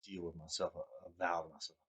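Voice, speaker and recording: A man's voice: flat delivery, fast, a bit bright, husky. A man telling rambling stories about fishing trips, repeating himself, chuckling as he goes, and raising his voice to quote others. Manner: raises his pitch when quoting others. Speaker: storyteller recounting fishing trips. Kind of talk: rambling personal storytelling.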